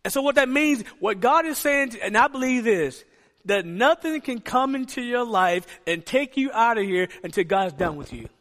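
A man with a strikingly high voice delivers a sermon as pastor. He preaches emphatically and keeps throwing rhetorical questions to his congregation. His voice rings out with a long reverb, as in a large church sanctuary. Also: expressive, moderate pace, a bit bright.

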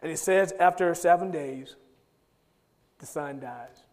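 High-voiced preacher with an emphatic, stop-start delivery. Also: male voice, slow, darkish tone. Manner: emphatic, repeats words in bursts. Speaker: pastor. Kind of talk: sermon. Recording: long reverb of a large hall.

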